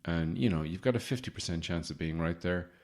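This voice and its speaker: A man's voice: low voice, brisk. A man hosting a podcast, giving a comedic monologue in a sardonic, rambling way with swearing. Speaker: podcast host.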